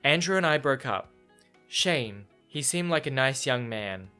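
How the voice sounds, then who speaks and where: A man's voice: mid-range voice, expressive, unhurried, bright, forceful tone, clean tone, soft background music. A man voicing a fretful, passive-aggressive middle-aged mother, reading her lines in a clipped, prim way.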